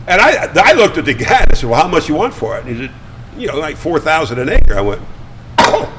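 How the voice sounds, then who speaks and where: An older man talking as a guest, spinning chatty, animated anecdotes with frequent stammered restarts. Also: on the high side, fast talker, slight background noise, low-quality recording. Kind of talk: casual storytelling. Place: studio.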